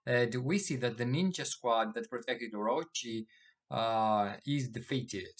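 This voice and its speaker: A man's voice: mid-range voice, unhurried. A man recapping a comic chapter in casual chat, with many fillers and restarts as he reads the dialogue aloud in a plain voice. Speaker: manga chapter reviewer.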